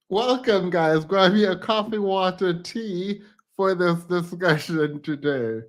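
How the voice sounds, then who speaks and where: A man hosting a reaction commentary channel, talking in a sassy, emphatic and dismissive way. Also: high-pitched.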